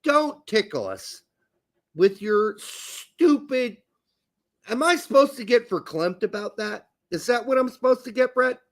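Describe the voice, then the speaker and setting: A man's voice: very high voice, expressive, unhurried. A man co-hosting a soccer podcast, ranting crudely and sarcastically. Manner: crude, sarcastic, ranting, mock-emotional asides. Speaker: podcast co-host. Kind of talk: heated casual soccer rant.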